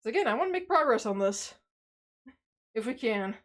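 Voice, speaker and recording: A woman's voice: on the high side, sing-song, brisk. A woman streamer chatting casually after a workout, tired and out of breath, rambling and sighing often. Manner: rambling, self-deprecating, sighs often. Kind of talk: casual live-stream chat.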